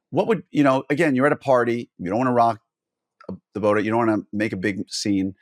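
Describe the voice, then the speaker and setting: A man's voice: mid-range voice, fairly even intonation, a little fast, no echo. Dry-sounding male podcast host. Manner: explains at length, poses skeptical questions playfully. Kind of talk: conversational podcast interview.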